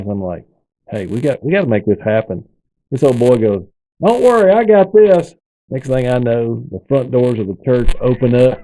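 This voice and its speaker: A man with a mellow, dark-toned voice tells a church story in easy conversation. He leans into the quoted lines and plays out each character as he goes. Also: lowish voice, low-quality recording. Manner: animated storyteller, acts out quoted people. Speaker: podcast host. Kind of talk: casual storytelling.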